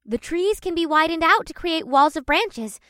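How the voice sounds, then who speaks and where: Casting: woman playing a sassy young blonde, teasing, bright high voice, dry audiobook read. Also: lively intonation, normal speed, dry recording. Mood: explaining. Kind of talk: audiobook character voice.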